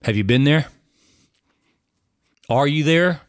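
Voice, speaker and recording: A man's voice: fairly high pitch, expressive, slow, dry recording, studio quality. Earnest man giving a testimony. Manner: earnest, addressing listener as brother. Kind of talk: personal testimony sermon.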